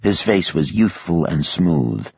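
A man reading an audiobook in a measured, expressive scripted narration. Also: sits low, gravelly, husky, no echo, lo-fi sound.

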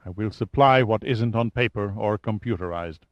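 A man voicing a frightened, cowering male henchman who pleads in a high, near-whimpering voice, in a dull lo-fi audiobook recording. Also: moderate pace, dry recording, close to an everyday voice. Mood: defeated. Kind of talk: audiobook character voice.

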